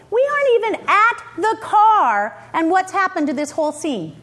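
A woman's voice: very high voice, moderate pace. A middle-aged woman giving a motivational leadership talk, telling stories animatedly and asking the audience questions. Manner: animated storytelling with laughs and acted quotes. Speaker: leadership speaker.

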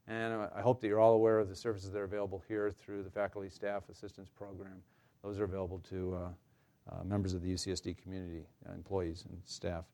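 Male counselor, low voice, relaxed workshop delivery, lots of "uh"s, dry humor, live room. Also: fast talker. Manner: conversational, many fillers and restarts, light humor. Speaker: counselor leading a staff workshop. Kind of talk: informal workshop presentation.

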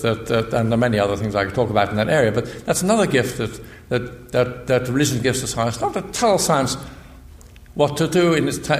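An older man, a physicist and priest, giving a measured public lecture that explains things step by step. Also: medium pitch. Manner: measured, explanatory, with frequent restarts. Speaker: guest speaker, physicist and priest. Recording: echoey lecture hall.

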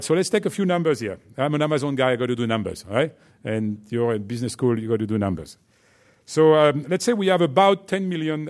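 French-accented executive addressing students. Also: male voice, a little high, darkish tone. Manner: chatty, many fillers and "right?" check-ins. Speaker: company executive speaking to business students. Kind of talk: business talk to students.

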